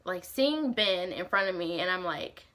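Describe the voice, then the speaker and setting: This young woman vlogger has a lowish voice and speaks a little slowly while telling a story. It's lively, laid-back talk full of slang, swearing, and constant "like".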